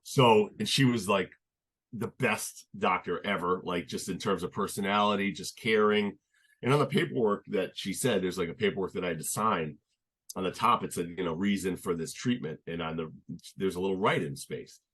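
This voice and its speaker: A young man chatting as a podcast guest, telling his story in an earnest, halting way with many restarts. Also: sits low, a bit bright, husky. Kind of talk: casual conversational storytelling.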